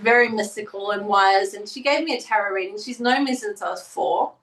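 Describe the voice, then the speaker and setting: A woman's voice: mid-range voice, fairly quick, fairly bright tone. A middle-aged woman telling stories as an interview guest, chatting casually and acting out quotes. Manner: chatty storytelling, acts out quotes. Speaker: guest, painter. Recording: roomy, from a distance.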